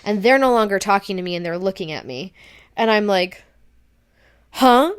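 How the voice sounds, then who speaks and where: A young woman with a smooth, resonant voice tells a long personal story on a podcast. She talks casually and acts out her own panicky lines as she goes. Her pitch sits at a middle level for a woman. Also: fairly quick. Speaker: podcast co-host.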